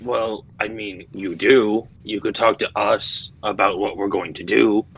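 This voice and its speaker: A man's voice: on the low side, fairly even intonation, unhurried, fairly bright tone, slightly rough, dull audio. A man playing a tabletop game, chatting casually and hesitantly as he searches for words. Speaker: player.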